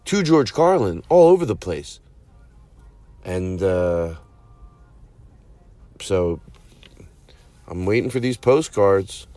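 A man's voice: sits low, lively intonation, slow pace, pauses often, warm tone. A man hosting his own show, rambling through a profane, self-mocking comedic monologue full of asides. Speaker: comedian podcast host.

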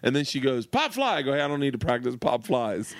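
A man in his forties telling funny stories about his daughter in casual podcast chat, animated and profane, laughing as he goes. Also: medium pitch, fast, dry recording. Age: 40s. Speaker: comedian guest.

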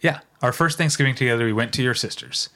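A man in his thirties co-hosting a casual podcast. He talks in an easygoing, rambling way, with plenty of "uh"s and "um"s. His voice sits at an ordinary middle pitch. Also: fast talker, sharp tone. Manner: chatty, rambling with fillers, breaks into brief off-key singing. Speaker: podcast co-host. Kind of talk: casual chat.

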